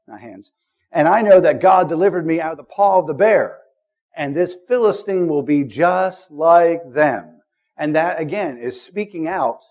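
A male preacher with a slightly raised pitch delivers a sermon. He moves from relaxed, conversational asides into scripture and swells into loud, repeated declarations. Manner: builds to loud, emphatic repetition.

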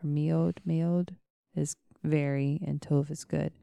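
A woman's voice: low-pitched, flat delivery, slow pace, creaky, dark tone, clear, resonant tone, no room sound. A woman co-hosting a podcast in casual chat, chatty and laughing often as she thinks aloud. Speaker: podcast co-host.

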